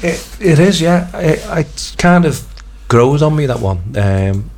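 A man co-presenting a radio show, hoarse from losing his voice, talking casually with hesitant fillers. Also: a little high, animated, a little slow, a little mellow, a little hiss or hum.

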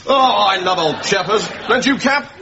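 Here is a naive, bubbly posh young officer. His voice runs very high and swoops all over. Clear hiss sits under dull, old TV sound. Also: lively intonation, normal speed. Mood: gushing. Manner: gushing upper-class enthusiasm. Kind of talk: sitcom acting before an audience.

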